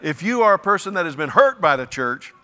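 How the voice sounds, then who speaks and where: Bright-voiced pastor preaching in a hall. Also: male voice, high-pitched, very animated, brisk. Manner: earnest, conversational preaching with restarts and asides. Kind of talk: sermon.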